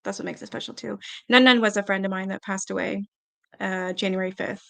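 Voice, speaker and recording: A woman hosting a live-stream panel, chatting casually and reading viewer comments aloud with quick asides. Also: mid-range voice, creaky. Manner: chatty, animated, quick asides and little laughs.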